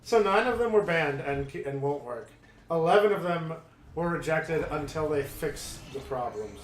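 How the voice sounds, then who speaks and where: A man doing hesitant, halting commentary while playing a video game. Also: fairly high pitch, lively intonation, echoey room. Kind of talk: let's play commentary.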